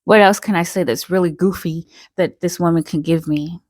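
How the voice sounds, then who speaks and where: A woman's voice: lowish voice, steady tone, moderate pace, darkish tone, no room sound, natural voice. A woman voicing a selfish, famous male singer who talks in a casual, doubtful drawl. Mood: scoffing.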